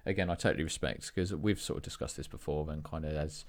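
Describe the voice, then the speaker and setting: An English man co-hosting a casual podcast chat, relaxed and self-deprecating, with many ums and uhs. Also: a bass voice, quick pace. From England. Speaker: podcast co-host.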